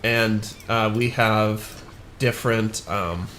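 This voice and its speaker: A man's voice: fairly low pitch, steady tone, takes it slowly, a bit bright. A young man from the northern United States chatting casually with viewers while streaming a game, rambling and laughing at himself as he answers chat.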